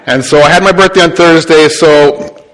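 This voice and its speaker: Chatty pastor, a touch high. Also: male voice, moderate pace, a bit bright. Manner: chatty, self-deprecating humor, frequent fillers. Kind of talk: sermon with church announcements.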